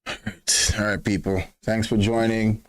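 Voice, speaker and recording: A man hosting a fan watch-along, giving casual live match commentary in slang, swinging between flat grumbling and excited yelps. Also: fairly low pitch, normal speed. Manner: slangy, keeps saying bro.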